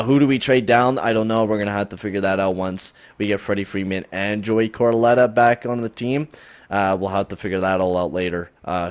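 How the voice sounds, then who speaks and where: Casual young man narrating gameplay, swearing. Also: sits low. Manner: rambling, swears often, hype bursts. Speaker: gaming channel host.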